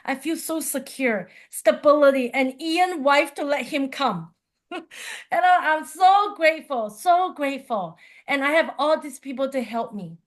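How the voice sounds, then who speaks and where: High-voiced woman telling a story. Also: a little slow. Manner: animated storyteller, drops to a soft calm tone when describing calming down. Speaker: qigong and tapping teacher. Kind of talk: personal storytelling talk.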